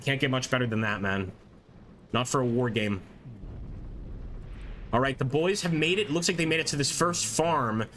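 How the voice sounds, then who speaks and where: A man giving chatty, excited live commentary on a strategy war game, reading chat aloud and laughing often. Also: mid-range voice, moderate pace, pauses often, a little hiss or hum. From American. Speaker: gameplay streamer.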